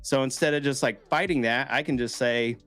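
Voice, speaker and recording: A man's voice: medium pitch, a little fast, faint music behind. A man hosting a podcast, talking casually and telling stories with swearing and acted-out quoted voices. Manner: animated storyteller who acts out quoted voices and swears freely. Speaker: podcast host. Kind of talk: casual conversational talk.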